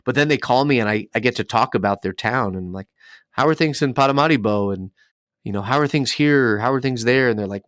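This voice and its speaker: A man, a radio DJ, chatting as a podcast guest and telling lively stories with acted-out dialogue. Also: medium pitch, fast talker, dry recording, clean studio sound. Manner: animated storyteller acting out dialogue. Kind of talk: casual podcast interview.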